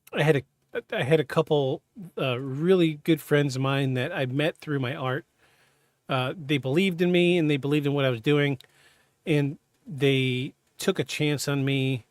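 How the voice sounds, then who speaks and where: A man hosting a podcast, telling a personal story in a halting, candid, self-interrupting way. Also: a little high, no room sound, clean studio sound. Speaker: podcast host. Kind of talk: casual storytelling.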